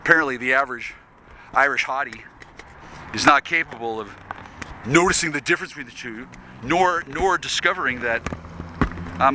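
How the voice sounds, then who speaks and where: A man's voice: medium pitch, moderate pace, pauses often, noisy background. An American man in a profane, rambling rant. He sounds agitated, swears constantly and stumbles over restarts. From United States.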